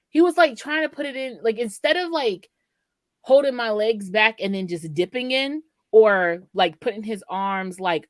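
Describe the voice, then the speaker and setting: Young woman, podcast co-host, animated and profane storyteller, very dry booth sound. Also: medium pitch, dry recording. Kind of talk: candid storytelling chat.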